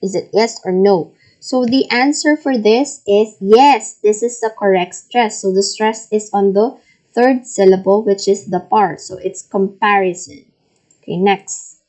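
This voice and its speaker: A woman's voice: mid-range voice, warm tone, rough recording. A woman teaching a recorded reading lesson, patiently reading out word lists and checking answers. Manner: slow, patient, repeats and models each word.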